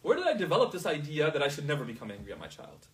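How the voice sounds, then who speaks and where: A man's voice: on the high side, wildly swooping pitch, racing, far from the mic, rough recording. A man teaching a class in a casual, conversational way, often checking whether his students understand.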